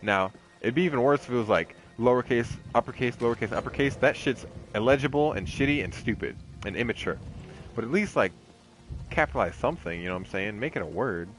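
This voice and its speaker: A man's voice: medium pitch, lively intonation, fast talker. A young man casually commentating while he streams a game, rambling off on tangents in a laid-back, heavily profane way. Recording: game music playing behind the voice.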